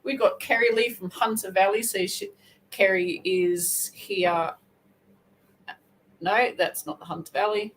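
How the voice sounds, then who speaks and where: An Australian woman hosting a casual crochet livestream, chatting and rambling with quick self-corrections. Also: mid-range voice, fairly bright tone, rough recording. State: hair wet, just out of the shower. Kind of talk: casual live chat.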